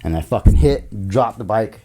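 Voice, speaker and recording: A man talking as a podcast guest in a studio, telling a story in casual, profane, animated chat. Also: on the low side, normal speed, a little hiss or hum. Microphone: studio podcast mic.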